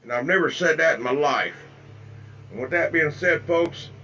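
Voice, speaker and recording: An older man vents his anger straight into the camera in a fervent, repetitive rant, addressing his audience as folks. His voice sits a bit high for a man. The recording is dull and lo-fi, with a faint hum underneath. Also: moderate pace, bright, forceful tone. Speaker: political video blogger. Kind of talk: impassioned direct-to-camera rant. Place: home with flags in the background.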